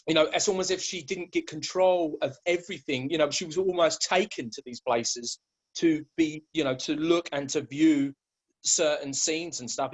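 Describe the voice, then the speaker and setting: A man talking as a guest in a relaxed conversation. His voice sits a bit higher than most men's, and he wanders through his points with lots of false starts and repeated words. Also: poor audio. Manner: rambling, with many restarts and repeated words. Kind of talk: casual conversation.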